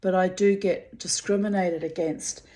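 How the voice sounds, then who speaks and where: Brief: New Zealand woman, lowish voice, very slow delivery, bitter and blunt, swears freely while reading messages aloud. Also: fairly even intonation, mellow. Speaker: pet owner recounting a dispute.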